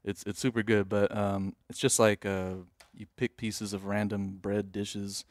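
Man, podcast co-host, rambling excitable storytelling, dry close mic. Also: fairly low pitch, measured pace, no room sound. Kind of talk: casual podcast chat.

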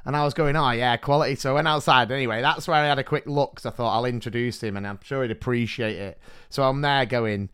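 Joking guy on a podcast, mid pitch, clear smooth voice. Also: fast, few pauses. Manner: jokey, animated storyteller. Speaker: podcast co-host. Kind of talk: casual chat.

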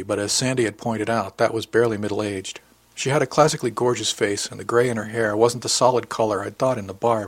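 A man reading a first-person novel as an audiobook narrator, measured and close to the mic. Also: medium pitch, no room sound.

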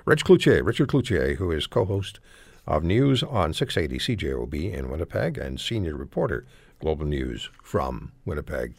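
A man from Canada hosting a radio talk show, animated and rambling as he searches for words. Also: rumbling low, moderate pace, vocal fry, slightly rough, no echo.

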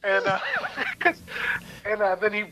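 Animated man telling a set story. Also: high voice, unhurried, a loud crowd, rough recording. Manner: animated storyteller, acts out quoted voices, laughs often. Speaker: actor guest. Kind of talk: casual anecdote-telling.

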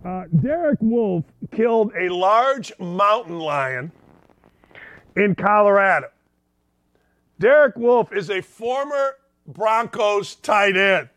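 An older man delivers a blunt, sarcastic sports talk monologue from his home basement studio. His voice sits high for a man and sounds bright and forceful. He keeps swinging from loud outbursts to quick asides. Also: expressive.

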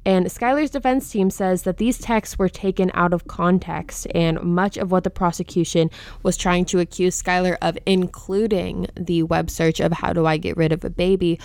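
A woman's voice: on the low side, fairly even intonation, normal speed, gravelly, darkish tone, smooth, no room sound. A young woman hosting a true-crime podcast, talking casually and openly indignant about the case. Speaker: podcast host.

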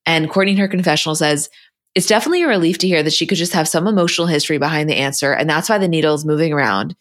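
A woman's voice: sits low, racing. A woman co-hosting a podcast, bluntly retelling a reality show episode in casual chat. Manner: retells scenes quoting the cast, blunt. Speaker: podcast co-host.

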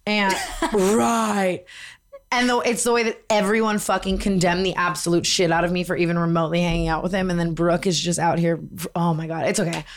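A woman's voice: fairly low pitch, level tone, a little fast. Blunt, teasing young woman co-host. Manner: blunt and teasing, swears freely. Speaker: podcast co-host. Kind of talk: casual chat.

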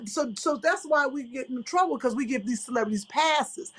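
A woman co-host telling a story as an animated rant in casual chat. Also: sits high, moderate pace, poor audio.

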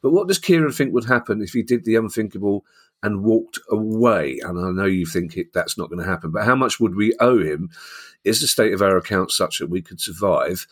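Husky, very deep-voiced teasing man. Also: brisk. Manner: teasing, jokey banter. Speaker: podcast host. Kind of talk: casual podcast chat.

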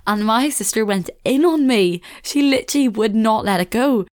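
A woman's voice: fairly high pitch, lively intonation, normal speed. A young woman with a Belfast accent hosting a casual solo podcast, chatting in a rambling way with frequent laughs. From Northern Ireland. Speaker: podcast host.

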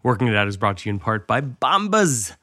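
A man's voice: medium pitch, very animated, a little fast, bright, forceful tone, no room sound, clean studio sound. A man hosting a comedy podcast, talking loosely and jokingly, also reading ads in a casual way. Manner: loose, joking, riffs on his own radio voice. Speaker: podcast host.

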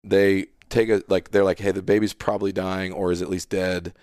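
In a casual storytelling chat on a podcast, a thirty-something pastor shares a personal story with earnest animation, voicing the dialogue himself. He has a deep voice and a moderate pace, and the studio-quality audio has no room sound.

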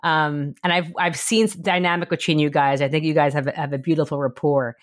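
Woman host, lower voice, effusive interviewer. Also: steady tone, brisk. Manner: warm praise, effusive, asks open questions. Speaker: podcast host. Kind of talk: interview questions.

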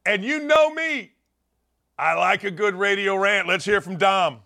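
A man's voice: sits high, measured pace, creaky, pushed and bright. A man hosting a sports talk show, joking and opinionated with conversational asides. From United States. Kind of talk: casual sports commentary.

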